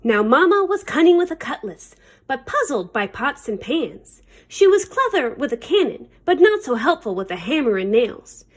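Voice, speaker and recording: A woman librarian reads a children's picture book aloud in a high, animated voice. She leans into playful pirate talk, and her pitch rises and falls widely with the story. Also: normal speed.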